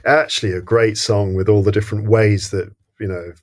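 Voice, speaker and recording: A man on a film podcast with a fairly low voice, talking things through slowly and reflectively. He hedges and restarts as he hunts for the right word, with an easy, conversational tone. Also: steady tone. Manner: thoughtful, hesitant, searches for words. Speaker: podcast guest. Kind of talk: casual film-discussion chat.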